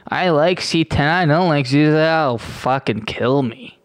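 A young man from Canada rambles through a profane, sarcastic rant, often stopping and restarting. His voice runs high for a man. The recording is dry and close. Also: measured pace, clean tone, no echo. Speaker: podcast host. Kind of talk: casual ranting monologue.

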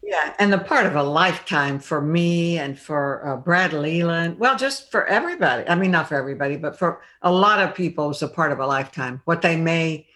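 A woman's voice: sits low, lively intonation, brisk, hardly any pauses, a bit bright. Older lady actress on a podcast, rambly, reflective storytelling. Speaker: actress guest. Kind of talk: interview conversation.

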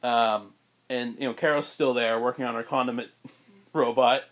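A man co-hosting a podcast, pitching a story in rambling casual chat with many fillers and frequent laughs. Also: fairly even intonation, moderate pace, a bit bright. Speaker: podcast co-host.

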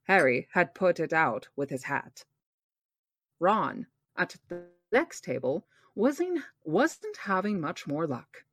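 A woman hosting a book podcast, reading a novel aloud in steady narration with small slips and restarts. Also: fairly low pitch, takes it slowly, husky, no echo.

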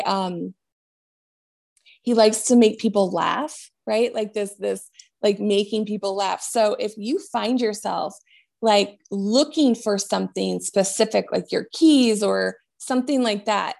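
A woman with a creaky, mid-range voice gives a spiritual medium reading. She speaks gently and reassuringly, often trailing off and starting her sentences over.

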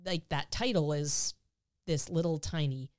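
A woman's voice: low voice, a little slow, darkish tone. A woman hosting a casual dog training podcast, talking with enthusiasm, often restarting her sentences, her voice quivering with emotion. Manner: enthusiastic, emotional, repeats words when starting sentences. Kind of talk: casual chat.

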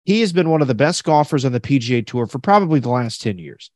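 A man's voice: medium pitch, lively intonation, fast talker, darkish tone, no echo, studio quality. A man hosting a podcast in casual chat, telling stories animatedly and acting out other people's lines. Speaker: podcast host.

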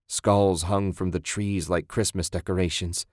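A man's voice: low voice, fairly even intonation, a little slow, dry recording, studio quality. A man voicing a shaken young man who pants, shivers and sobs as he speaks. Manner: panting, shaky and sobbing. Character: shaken, battered young man, near breaking.

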